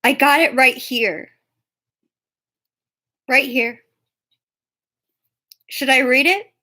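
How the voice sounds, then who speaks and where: A young woman chats with her livestream audience, teasing and needling them. Her voice sits high, and she talks at an unhurried pace. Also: bright, forceful tone. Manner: teasing, mocking, often laughing. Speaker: live streamer. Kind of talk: casual livestream chat.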